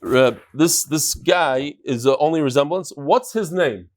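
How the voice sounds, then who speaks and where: A man with a fairly high voice gives a daily Talmud class in a study hall full of students. He is animated and playful, teasing his listeners as he points things out on a chart. He keeps a quick, conversational teaching manner. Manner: animated, joking, explains with a chart and laser pointer.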